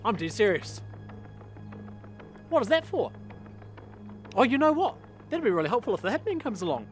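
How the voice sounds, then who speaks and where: Laid-back young Australian man, lively pitch. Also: moderate pace. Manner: laid-back, laughing, slangy. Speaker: comedy sketch creator and actor. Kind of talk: comedy sketch acting. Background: music.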